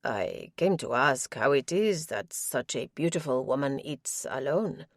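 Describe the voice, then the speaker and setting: A woman voicing a charming male trawler skipper with a faint Norwegian accent, speaking low, slow and passionate. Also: expressive, dry recording, studio quality, exaggerated voice. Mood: smooth, earnest.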